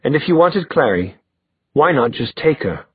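A man voicing a proud, sarcastic young male fighter with a sharp, cutting delivery. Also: a little high, very animated, normal speed, breathy edge, no echo, pitched above the performer's own voice, exaggerated voice. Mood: contemptuous. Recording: dry tinny phone-like sound.

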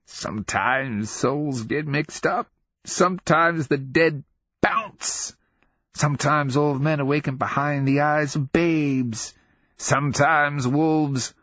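A man voicing a hoary, half-mad old male sergeant with a harsh, rasping voice who cackles and rambles in conspiratorial glee. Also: a little high, takes it slowly, a bit bright, no room sound, dull audio, pitched above the performer's own voice.

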